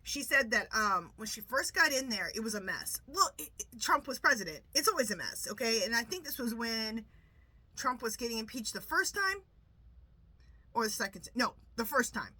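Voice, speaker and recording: Bright-voiced chatty woman vlogging. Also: fairly high pitch, very animated, dry recording. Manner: chatty, rambling, quick asides; asks a pendulum questions, repeating "clear". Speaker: tarot reader and channel host. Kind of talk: casual chatty vlog.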